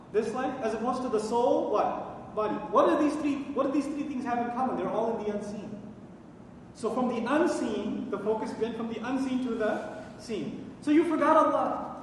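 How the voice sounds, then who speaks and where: A man's voice: extremely high pitch, a little hiss or hum. A man giving a religious lecture on the Quran, quizzing his listeners with questions and then answering them himself. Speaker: Quran teacher. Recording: echoey hall recording from far off.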